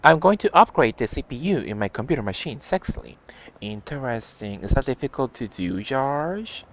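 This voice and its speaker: A man's voice: medium pitch, sing-song, moderate pace. A man streaming a video game, chatting casually with his viewers and reading out their messages as he plays. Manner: chatty, reads chat messages aloud and answers viewers. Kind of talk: casual live-stream chat while playing.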